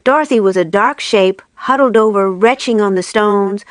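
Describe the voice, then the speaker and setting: Casting: female audiobook narrator, measured and steady, dry close recording. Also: medium pitch, smooth, dry recording.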